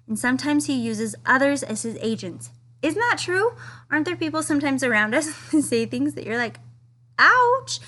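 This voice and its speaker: A woman's voice: sits high, a bit bright. A woman giving a casual, earnest devotional study talk, reading quotes aloud with enthusiasm. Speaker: scripture study teacher.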